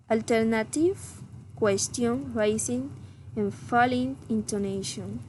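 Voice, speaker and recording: Slow, careful woman reading drills. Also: a little high, a little hiss or hum. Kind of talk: reading pronunciation drills aloud.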